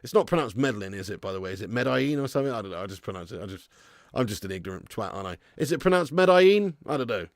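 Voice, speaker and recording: A man's voice: low voice, very fast, hardly any pauses, no room sound, studio quality. Laughing man reading live chat. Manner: swears freely, laughs often, reads chat aloud. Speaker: football watch-along streamer. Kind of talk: casual live-stream chat.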